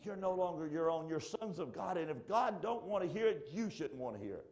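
A pastor preaching a sermon in a church, swinging from shouted lines to hushed, close asides. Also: male voice, on the high side, animated, a little fast. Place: church sanctuary.

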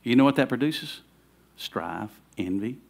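A middle-aged pastor with a drawl delivers his sermon at a mid pitch. He talks in a loose, conversational way with restarts, then builds to loud, fervent emphasis. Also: lively intonation, unhurried, gravelly. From Southern United States.

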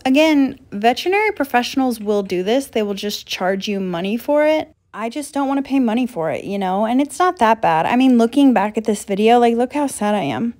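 A young woman narrating a casual pet-grooming tutorial as a voice-over, with wry deadpan jokes and sudden excited rises. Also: on the high side, brisk, few pauses. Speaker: pet vlogger.

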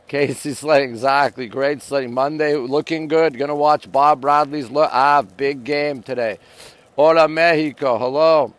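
A man's voice: fairly high pitch, smooth. A man from Canada live-streaming from a rooftop at night, reading viewer comments and greeting them one after another in an upbeat way. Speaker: livestream host. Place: rooftop deck in the city, outdoors at night. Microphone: phone held at arm's length.

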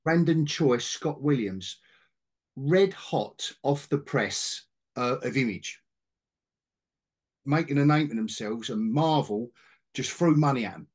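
A man in middle age talks comics in a casual podcast chat, his voice husky with a slightly breathy edge. His pitch moves a lot as he rambles, restarting phrases and tossing in wry asides. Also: expressive, slow pace, long pauses. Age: middle-aged. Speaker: podcast host, comic collector.

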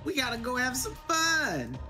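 A game master voicing a boastful, swearing circus ringleader villain in a tabletop game, pitched up and loud. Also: wildly swooping pitch, normal speed, full character voice. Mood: gloating. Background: music.

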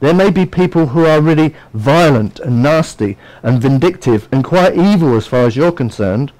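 Man preaching, pretty high voice, swoops up and down a lot, tells it like a story. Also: moderate pace, low-quality recording. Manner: animated, storytelling, acts out voices. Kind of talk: sermon.

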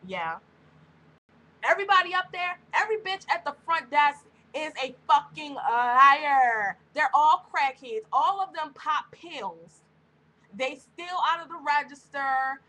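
A woman's voice: sits high, bright, forceful tone, low-quality recording. A woman vlogger in an angry rant to camera, blunt and heated, cursing heavily.

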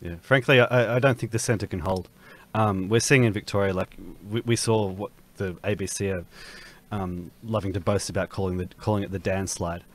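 A man's voice: on the low side, fairly even intonation, moderate pace. A man, co-hosting a political panel chat, speaking hesitantly with frequent fillers. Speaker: podcast co-host.

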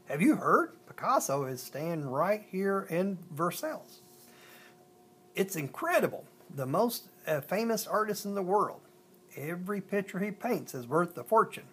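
A storyteller voicing a group of excited young girls who are gossiping. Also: mid-range voice, a little slow, slightly rough, voice pushed up, exaggerated voice.

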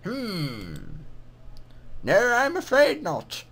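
Brief: thoughtful goblin scribe, read by a man, slow and measured, near his own voice. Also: very high-pitched, huge pitch swings, fairly bright tone, slightly rough, full character voice. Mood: pondering. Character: male goblin scribe, scholarly and calm.

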